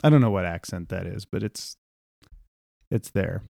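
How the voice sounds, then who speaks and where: A man's voice: low-pitched, animated, moderate pace, creaky, dark tone, no room sound, clean studio sound. A man co-hosting a podcast in casual conversation, hesitant and full of fillers. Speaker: podcast co-host.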